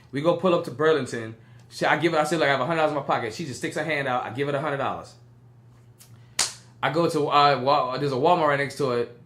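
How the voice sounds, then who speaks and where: A young man, telling a story on a podcast and acting out the voices of the people in it. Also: a little high. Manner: animated, acts out quoted voices. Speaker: podcast co-host. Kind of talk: casual storytelling chat.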